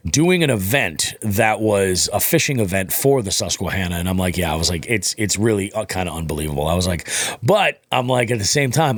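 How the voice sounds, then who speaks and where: A man's voice: fairly low pitch, no echo. A man, hosting a podcast and telling rambling stories in casual chat, swearing freely. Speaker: podcast host.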